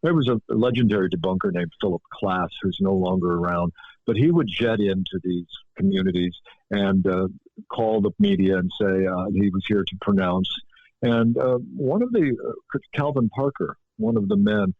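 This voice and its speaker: A man, an author as interview guest, telling stories in a reflective, animated way. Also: sits low, normal speed, no echo. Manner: reflective, animated storytelling with frequent restarts. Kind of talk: interview conversation. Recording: dry phone-like line.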